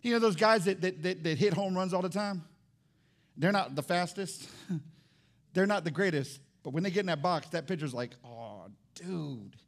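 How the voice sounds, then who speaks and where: During a church service, a pastor with a high voice delivers an animated sermon at normal speed. He swings between loud, emphatic passages and hushed, low lines.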